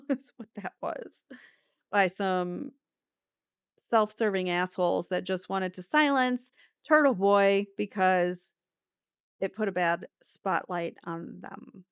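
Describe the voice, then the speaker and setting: A woman's voice: medium pitch, takes it slowly, long pauses, clear, resonant tone, no room sound, lo-fi sound. A woman reading legal filings aloud and breaking off for blunt, offhand explanations of what they mean. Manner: reads dryly then adds blunt offhand asides. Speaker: host reading court documents.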